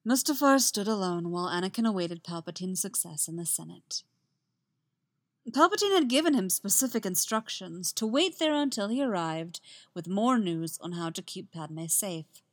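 A woman reading a story aloud, slow and soft-spoken, letting her phrases fall quiet at the ends. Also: mid-range voice, expressive, long reverb tail. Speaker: fan fiction reader. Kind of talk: storytelling narration.

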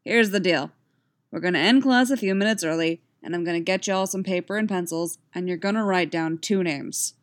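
A woman's voice: on the low side, a little fast, lightly acted. Brief: curt, grumbling male coach , a woman reading him. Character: adult man, gruff martial arts coach.

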